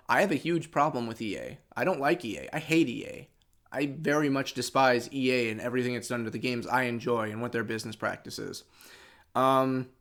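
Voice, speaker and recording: A man hosting a gaming channel, ranting in an unscripted vlog, frustrated and sarcastic, and losing his voice. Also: medium pitch. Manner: frustrated and sarcastic, with many restarts.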